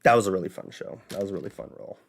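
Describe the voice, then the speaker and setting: A man's voice: deep voice, steady tone, very fast, creaky, noisy background. A man hosting a casual livestream from home, chatting in a rambling way with plenty of fillers. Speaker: host. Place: home, building bricks.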